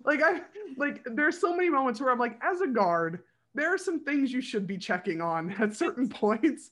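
A woman hosting a podcast in casual chat, expressive and laughing, often slipping into mock voices. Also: a little high, normal speed. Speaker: podcast host.

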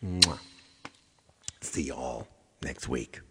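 A man's voice: sits low, expressive, moderate pace, vocal fry, heavy background noise. A man hosting his livestream show, chatting casually with viewers in a rambling way and repeating himself, in a reverberant room. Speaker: livestream singer and host.

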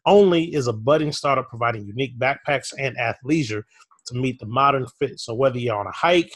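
A man co-hosting a podcast, ranting with mock fury in casual chat. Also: mid-range voice. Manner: animated, mock-furious ranting. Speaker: podcast co-host.

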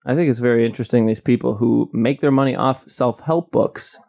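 A man co-hosts a podcast with a gravelly, dark voice. He is goofy and keeps cutting in with jokes. He laughs easily. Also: mid-range voice, a little fast. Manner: goofy, interrupting, laughs often. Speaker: podcast co-host. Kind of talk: casual comedic chat.

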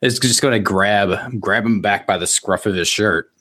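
A man's voice: fairly low pitch, normal speed, fairly bright tone. A man playing a tabletop role-playing game, rambling casually as he describes his character's actions. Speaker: player.

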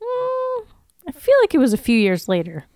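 A woman's voice: sits high, wildly swooping pitch, moderate pace, darkish tone. A woman co-hosting a podcast, chatting casually and recapping scenes in detail on a close mic. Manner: narrates plot in detail, reading out lines. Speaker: podcast co-host recapping episodes.

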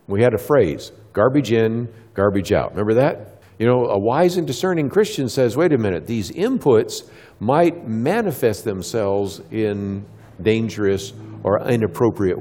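Speaking in a large hall, a middle-aged man gives a Christian talk at church to a live crowd, posing questions and supplying the answers himself. He plays out brief exchanges with children along the way. His voice is lowish and dark, with lively intonation.

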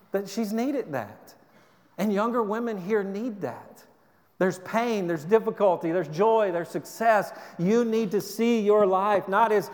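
A man with a notably high voice preaches in earnest, urging tones, often stumbling and restarting mid-phrase. His sermon rings out with a long hall reverb, as if from a church sanctuary. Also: a little slow, a little mellow. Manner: earnest, exhorting, with frequent restarts. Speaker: pastor.

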